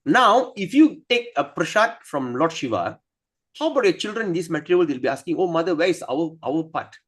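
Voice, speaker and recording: A man playing a supreme male god who speaks in a calm, steadying tone. The delivery stays close to his own lively voice but is soothing and reassuring. It is told as part of a scripture tale. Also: fairly high pitch, a little fast, breathy edge, heavily acted. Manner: calming and reassuring.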